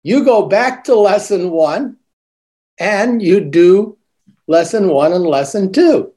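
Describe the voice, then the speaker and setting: Dark-voiced man coaching teachers. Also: high-pitched, animated, slow. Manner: demonstrative, models greetings with sing-song emphasis. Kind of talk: coaching talk.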